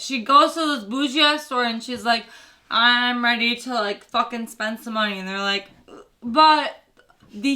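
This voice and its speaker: A woman's voice: on the high side, pushed and bright. A young woman retelling a film as comedy, brash and swearing a lot, slipping into sassy character voices.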